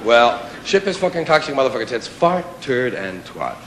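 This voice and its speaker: Male stand-up comic, lively swooping delivery, roomy live hall with audience roar and noise. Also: medium pitch, a little fast. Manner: animated, mock-incredulous, playful emphasis. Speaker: stand-up comedian. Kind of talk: stand-up comedy routine. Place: live stage before an audience. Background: audience laughter and crowd noise.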